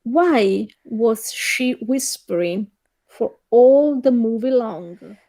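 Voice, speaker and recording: Woman cohost, high voice, talks slow and wry. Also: lively intonation, dark tone. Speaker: podcast co-host. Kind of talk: casual chat.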